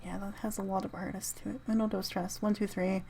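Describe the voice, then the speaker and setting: Podcast host, woman, easygoing solo ramble through a playlist, mid-pitched voice. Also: level tone, brisk, creaky, a little mellow, slight background noise. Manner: rambling, reads out a music list, spells out names.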